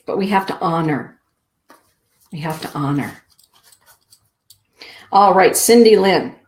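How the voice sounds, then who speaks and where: A middle-aged woman hosting a spiritual show, giving card readings to listeners in a soft, slow, drawn-out inspirational way. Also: lowish voice, lively intonation. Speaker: show host and card reader.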